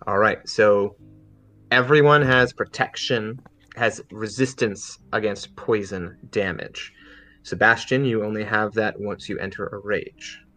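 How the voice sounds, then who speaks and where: A man with a low, bright voice serves as game master of a tabletop game. He tells the story loosely and fills the gaps with ums and uhs, while soft music plays underneath. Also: unhurried. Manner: relaxed storytelling with fillers.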